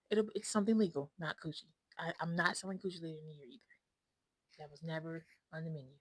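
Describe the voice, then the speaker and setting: A woman's voice: sits low, steady tone, fast talker, no echo, rough recording. A woman vlogging in a casual, rambling chat to her viewers. She talks bluntly and often drops to a whisper.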